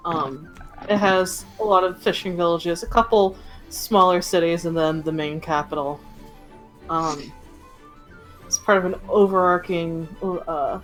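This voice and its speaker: A woman's voice: fairly low pitch, rough recording. A young woman running a tabletop game as game master, chatting casually with many fillers.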